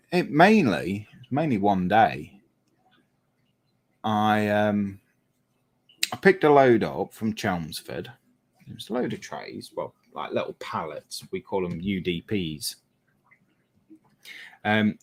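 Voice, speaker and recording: A man, a lorry driver, chatting casually while painting a model and telling a rambling story, often correcting himself. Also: on the low side.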